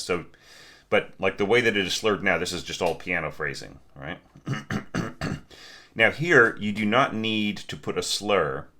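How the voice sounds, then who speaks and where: Deep, bright-voiced music teacher singing examples. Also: male voice. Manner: sings phrases and articulations aloud as examples; chatty, apologetic, frequent fillers. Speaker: orchestration teacher reviewing scores. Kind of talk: casual score critique.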